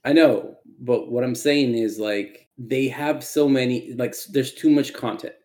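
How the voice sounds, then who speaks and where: A man co-hosting a casual podcast chat, rambling and halting as he makes his point. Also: medium pitch, steady tone, darkish tone. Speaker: podcast co-host. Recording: echoey room.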